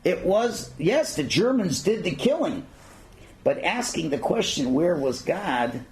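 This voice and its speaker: A man's voice: high-pitched, very animated, measured pace, slight background noise. A man teaching a religious class in the emphatic, preacher-like style of a rabbi, and using rhetorical questions. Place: synagogue hall. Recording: echoey hall recording.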